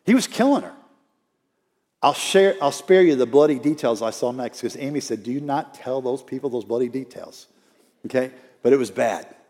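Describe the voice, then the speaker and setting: A middle-aged pastor preaches in a church sanctuary, emphatic yet conversational, asking many rhetorical questions. His voice is a little high with a darkish tone, and the long reverb of a large hall fills the recording.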